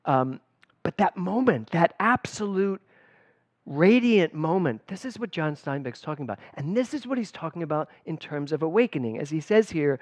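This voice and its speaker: Middle-aged guy giving a chatty sermon, voice a bit high, dry close sound. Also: normal speed, no room sound. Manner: animated and personal, storytelling with emphatic swings. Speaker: spiritual director. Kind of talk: conversational sermon. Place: church service.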